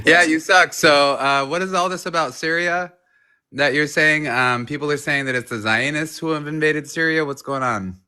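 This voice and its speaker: Male caller from California, teasing and laughing, with a bright, forceful tone. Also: a little high, measured pace, clear, resonant tone. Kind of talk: casual call-in chat.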